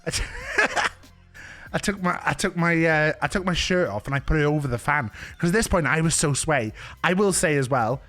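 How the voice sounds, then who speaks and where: A man's voice: a little high, moderate pace, bright, forceful tone, faint music behind. A young man with a Welsh accent, telling a rambling story to his stream with frequent restarts and bursts of laughter. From Wales. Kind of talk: casual storytelling chat.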